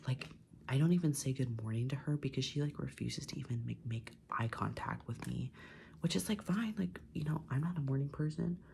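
A man's voice: mid-range voice, brisk, vocal fry, darkish tone, slight background noise. A young man in his twenties whispering an ASMR vent while doing his makeup, chatty, swearing and full of "like". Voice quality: mostly unvoiced whisper. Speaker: ASMR creator.

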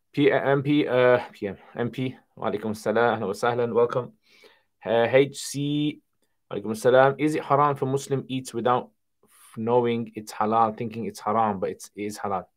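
Low-voiced man answering viewer questions. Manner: reads viewer questions aloud then answers conversationally. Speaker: Islamic Q&A livestream host. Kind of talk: casual livestream Q&A.

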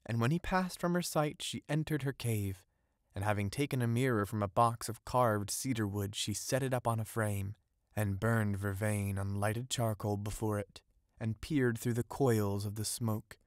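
A man narrating an audiobook of a fairy tale in a measured storytelling manner. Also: fairly low pitch, dry recording, clean studio sound.

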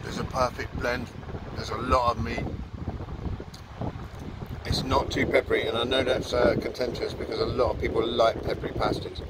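A man's voice: mid-range voice, little pitch movement, normal speed, long pauses, heavy background noise. A man hosting a casual food review vlog outdoors on the coast, cheeky and joking. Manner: cheeky, joking, laughs a lot. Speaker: food vlogger host.

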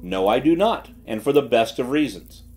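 A man voicing a shrewd gentleman detective who speaks quietly and with calm assurance. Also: medium pitch, lightly acted. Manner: quiet, measured, self-assured.

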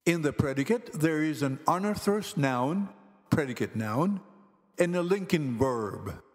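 A man teaching Greek grammar in slow, careful scripted narration, pronouncing each word deliberately. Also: on the high side, expressive. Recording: long hall reverb with faint music.

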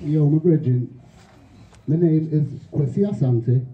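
High-voiced man chanting in an echoey room. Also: unhurried. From Manchester, UK and Ghana. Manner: rhythmic, chanting, repetitive refrains. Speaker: guest performer. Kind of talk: chanted spoken word. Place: bookshop, indoors. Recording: echoey room, dull lo-fi sound.

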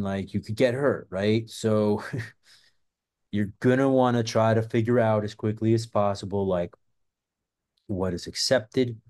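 Rambling, profane man with a mellow voice. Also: on the low side. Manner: rambling, profane, filler-heavy. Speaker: self-defense channel host. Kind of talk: casual monologue.

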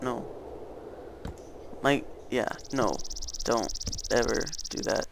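A man's voice: mid-range voice, slow, vocal fry, background noise. A teenage boy rambling through casual gameplay commentary, full of fillers and self-corrections. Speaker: gaming channel host.

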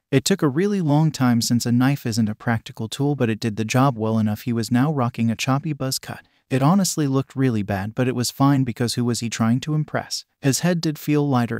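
A man's voice: medium pitch, darkish tone, dry recording, clean studio sound. A man narrating a fan-fiction story aloud in a literal, plain reading manner.

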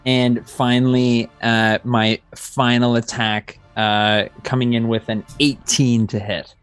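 A man playing a tabletop game, describing his character's moves in a hesitant, halting way with repeated words. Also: mid-range voice, little pitch movement, smooth, soft background music. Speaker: player. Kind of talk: tabletop role-play.

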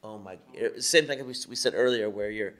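A man's voice: mid-range voice, brisk, fairly bright tone. A man, a tattooer on a podcast panel, telling shop stories in a rambling way full of restarts and "you know". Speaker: tattooer guest. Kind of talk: casual panel chat.

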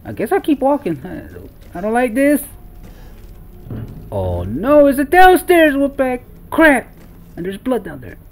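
A young man playing a horror game, exclaiming and talking to his viewers as he goes. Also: high voice. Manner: jumpy, exclaiming, talks to viewers as Wolfpack. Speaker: gaming YouTuber. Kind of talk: let's-play commentary.

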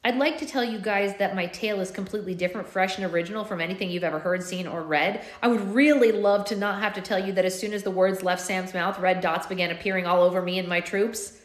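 A woman hosting a live book club, reading a novel aloud and dropping quiet, offhand asides to her viewers. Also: mid-range voice, fairly even intonation, fast, few pauses, echoey room. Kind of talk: live-streamed read-aloud with chatty asides.

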